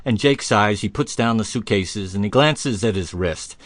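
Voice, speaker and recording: A man hosting a radio talk show, telling a long joke in a folksy, halting way with fillers. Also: lowish voice, animated, no room sound.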